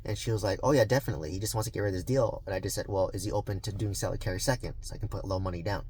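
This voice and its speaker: A man's voice: low-pitched, racing, a little mellow, slight background noise. A man vlogging about real estate investing, talking earnestly and rambling with many fillers and restarts. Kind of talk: casual vlog talk to camera.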